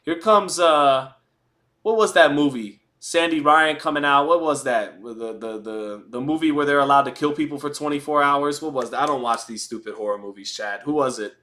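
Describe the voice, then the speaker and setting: Male livestream host, fairly high and bright voice, rambling casual fight commentary, profane asides. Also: moderate pace. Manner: chatty, rambling, reads and answers viewer chat; blunt and profane with joking asides.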